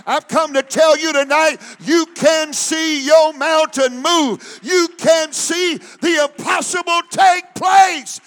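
Man, pastor, very high pitch, fervent call-and-response sermon. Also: fairly even intonation, slow, hardly any pauses, fairly bright tone. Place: church service.

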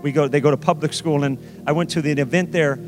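A pastor delivering a sermon, emphatic and repeating key phrases for weight. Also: male voice, a little high, steady tone, quick pace, a little mellow, faint music behind.

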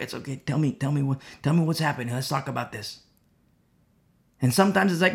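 A man preaching a sermon with passion, repeating phrases and swinging from loud bursts to hushed, near-whispered lines. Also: mid-range voice, fairly quick, creaky. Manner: impassioned, repetitive, swings between loud and hushed.

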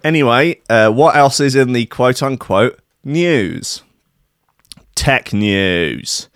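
Male podcast host, sweary and sardonic, with lively pitch swings and a dry sound. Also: takes it slowly, clear, resonant tone, dry recording. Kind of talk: comic rant about the news.

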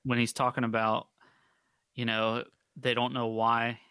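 Bright-voiced, laid-back man on a podcast. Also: medium pitch, completely flat delivery, measured pace, clear, resonant tone, no room sound. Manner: laid-back, swears freely. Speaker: podcast co-host. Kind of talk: casual movie-review chat.

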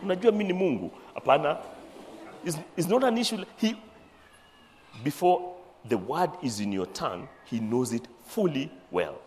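Male preacher, high-pitched and expressive, sermon in a big echoing hall. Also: measured pace, pauses often, slight background noise. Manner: animated, acts out scripture voices, mixes in Swahili phrases. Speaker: bishop preaching. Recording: long hall reverb.

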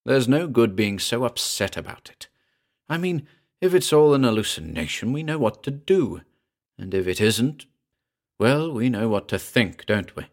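A man's voice: medium pitch, sing-song, moderate pace. A man voicing an uneasy young friend. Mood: coaxing. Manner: uneasy, forced reassurance. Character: young man, puzzled friend trying to stay calm.

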